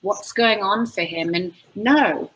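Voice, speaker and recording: A woman's voice: medium pitch, takes it slowly, slightly rough, low-quality recording. A woman, an animal communicator telling stories in conversation and acting out what clients say. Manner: expressive, acts out quoted clients. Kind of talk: conversational storytelling.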